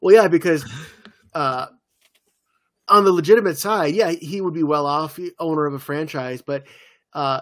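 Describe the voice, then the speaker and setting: A man co-hosting a casual podcast chat about TV shows, animated and loose. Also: a little high, normal speed, pauses often, dry recording, studio quality. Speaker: podcast co-host.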